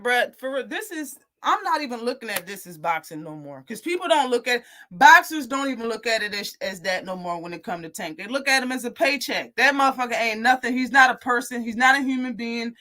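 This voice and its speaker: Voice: mid-range voice, expressive, fairly quick, hardly any pauses, bright, forceful tone. A live boxing talk show host ranting in a heated, profane, casual way.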